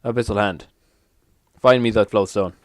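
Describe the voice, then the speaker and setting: A young man giving casual, animated commentary as he plays a card game on his channel, swearing and mocking himself. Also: on the low side, moderate pace, no room sound, clean studio sound. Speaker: gaming YouTuber.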